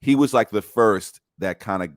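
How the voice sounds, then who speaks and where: Male co-host, very deep voice, rambling delivery, searches for words, dry sound. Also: moderate pace, no room sound. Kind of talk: casual chat.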